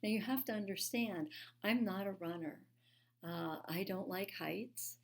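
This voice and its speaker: A woman's voice: mid-range voice, a little slow, vocal fry. Earnest woman telling a sermon story. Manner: earnest storytelling with many fillers. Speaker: speaker at a spiritual church.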